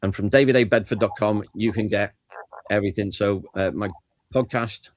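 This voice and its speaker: A man's voice: fairly low pitch, moderate pace, no echo, rough recording. A man with a British accent, a guest author chatting casually in a remote interview. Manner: relaxed, chatty, hesitant restarts. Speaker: guest author and music historian. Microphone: video call.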